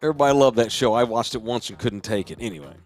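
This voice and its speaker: A man's voice: medium pitch, animated, rapid-fire, faint music behind. A man hosting a podcast, making crude jokes in a casual chat. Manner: profane, joking, wisecracking. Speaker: podcast host.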